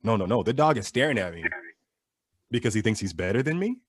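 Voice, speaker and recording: A man's voice: lowish voice, sing-song, fast talker, no echo, clean studio sound. A young man doing a seated stand-up set, telling a loose, profane story and laughing at his own jokes. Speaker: stand-up comedian.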